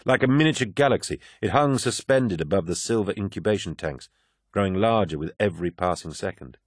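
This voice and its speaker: A man reading an audiobook with measured, dramatic scripted narration. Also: deep voice, expressive, no echo, studio quality.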